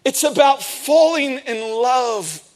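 Energetic man preaching a story-filled sermon. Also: extremely high pitch, slow pace. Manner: energetic storytelling, bursts of speed and emphasis. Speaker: pastor.

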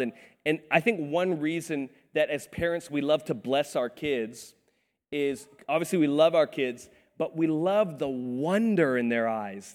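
A man preaching a sermon as a pastor, telling lively stories about his children and laughing often. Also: a little high, in a large hall. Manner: animated, storytelling, laughing often.

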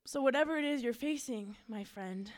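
A woman's voice: on the high side, moderate pace. A woman youth pastor from Minnesota giving an earnest, casual sermon with personal storytelling.

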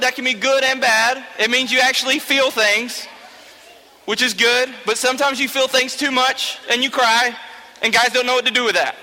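This young youth teacher has a high voice that sounds pushed and bright. His talk to the youth group is informal, jokey and conversational, regularly punctuated by "okay?", and it echoes with the long reverb of a big hall.

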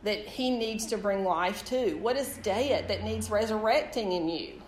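A woman in her forties preaches and weaves in a personal story, speaking directly to her listeners. Her delivery is animated, and her voice sits at a middle pitch. The sound is roomy and echoey, with a faint hiss of background noise. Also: a little slow. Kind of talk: sermon with personal testimony.

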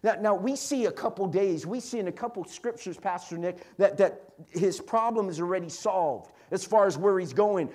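High-voiced man preaching a sermon. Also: moderate pace, few pauses. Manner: swings from quiet intimate asides to loud emphatic preaching, repeats phrases. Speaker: pastor.

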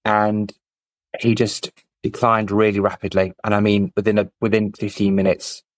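A man with a lowish voice, a guest on a podcast, recounting a personal story candidly and matter-of-factly. His voice sounds dry and close. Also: little pitch movement, moderate pace, no echo, poor audio. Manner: candid, matter-of-fact retelling.

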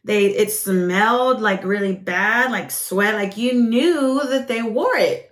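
A woman's voice: medium pitch, slow pace. Woman host telling her story, acts out the quotes, lots of likes and ums, roomy echo. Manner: animated storyteller, acts out quoted voices, frequent fillers. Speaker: ministry podcast host. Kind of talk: personal testimony storytelling.

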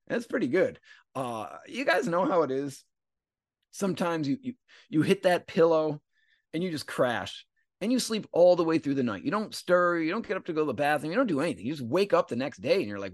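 Animated, slangy male podcast host. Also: a little high, fairly quick, no echo, clean studio sound. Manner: slangy, conversational, acts out quotes. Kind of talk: casual explanatory retelling.

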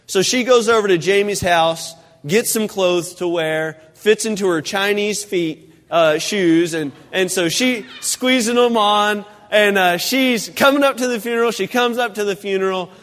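A man preaching in a church, telling a humorous story with lively, animated delivery. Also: high-pitched, unhurried, few pauses. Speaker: pastor. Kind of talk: sermon. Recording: long hall reverb.

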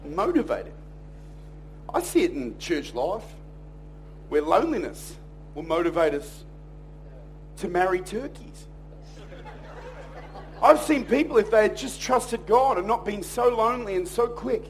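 A man preaching a sermon in church, telling stories in a jokey, animated way and acting out other people's voices. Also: high-pitched, unhurried, pauses often, a little hiss or hum. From Australia. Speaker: pastor.

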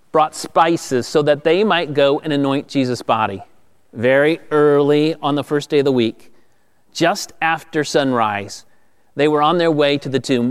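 Male pastor, higher register, clean and resonant tone; emphatic preacher. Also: clean tone. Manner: emphatic preaching, rising for quoted lines. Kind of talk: sermon.

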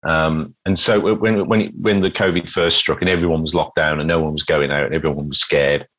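A man with a low, husky voice tells stories from his street-performing life as an interview guest. He talks in lively bursts, often restarting sentences. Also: a little fast, rough recording. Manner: lively anecdotal, frequent restarts. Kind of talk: casual interview storytelling.

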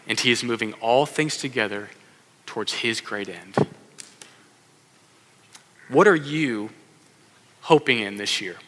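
A man preaching a lively sermon, acting out the voices in his stories and calling on the kids in the room. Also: mid-range voice. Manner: animated, acts out quoted voices, addresses kids in audience. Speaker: pastor. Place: church sanctuary. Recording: long hall reverb.

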